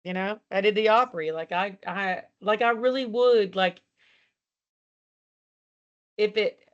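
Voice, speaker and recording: A country singer from Texas talks in a slow, medium-pitched voice during a casual interview over a laptop video call while walking around her house. She's chatty and laughs, swears, and acts out conversations as she tells stories. The audio sounds dull.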